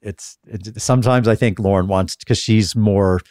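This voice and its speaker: A man hosting a casual conversational interview, telling stories in a calm, even-keeled way. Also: lowish voice, normal speed, no echo, clean studio sound. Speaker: podcast host interviewing guests.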